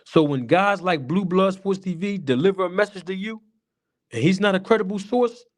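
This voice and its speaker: A man's voice: high voice, moderate pace. A man giving casual livestream commentary, chatty and repetitive, talking to his chat viewers. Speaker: boxing commentary streamer.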